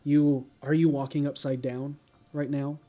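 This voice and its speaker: A man running a tabletop game as dungeon master, narrating the scene slowly with many pauses and fillers. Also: a little high, flat delivery, mellow.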